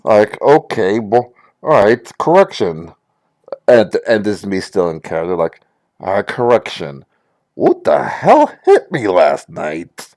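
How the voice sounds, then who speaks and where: Man, player in character, halting delivery, very wide pitch swings. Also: no room sound, studio quality. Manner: halting, restarts a lot, swoops up when excited. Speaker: player as ship captain. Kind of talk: in-character tabletop play.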